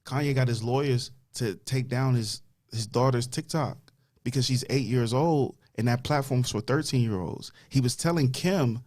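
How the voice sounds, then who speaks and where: A man's voice: mid-range voice, moderate pace, darkish tone. A man in his twenties talking on a casual podcast, driving his points home by repeating them for emphasis. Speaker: podcast co-host.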